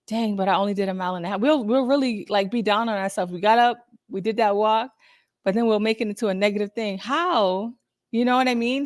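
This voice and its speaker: A woman's voice: mid-range voice, no echo, studio quality. A woman therapist giving a casual, upbeat self-help talk that is full of asides and acted-out quotes of people's thoughts.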